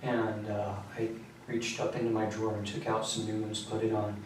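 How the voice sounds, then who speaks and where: Male suspect, low flat confession voice, reverberant room recording with faint noise. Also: moderate pace. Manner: flat, matter-of-fact recounting, voice often trailing low. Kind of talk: police interrogation confession. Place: police interview room. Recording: echoey room, mic far off, faint noise.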